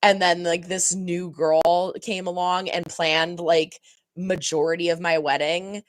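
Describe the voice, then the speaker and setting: Slow-talking chatty young woman. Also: on the low side, flat delivery, dry recording, studio quality. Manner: chatty, rambling, laughs often, acts out heated lines. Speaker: reaction channel host. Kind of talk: casual TV episode discussion.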